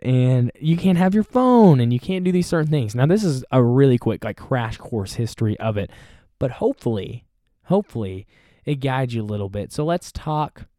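A young man hosts a loose solo podcast, rambling cheerfully and poking fun at himself. His voice is mellow and unforced, sitting at an ordinary pitch. The recording is dry and close. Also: no echo. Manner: rambling, self-deprecating, chatty. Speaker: podcast host. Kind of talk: casual solo podcast monologue.

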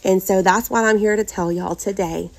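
A woman's voice: mid-range voice, fairly even intonation, moderate pace. A middle-aged woman, a podcast host talking earnestly and from the heart about faith to her listeners. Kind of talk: personal faith talk to listeners.

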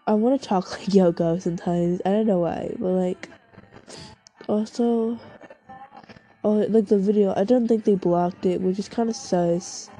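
A woman's voice: mid-range voice, steady tone, unhurried, mellow. A woman chatting casually as she browses online, rambling, cursing freely and cutting herself off mid-thought. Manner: rambling, profane, self-interrupting, giggly. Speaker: vlogger. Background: faint music playing.

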